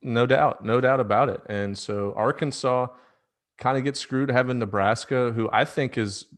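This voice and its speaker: A man's voice: medium pitch, moderate pace. Man, podcast host, rambling, lots of fillers, laughs easily. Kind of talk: casual sports chat.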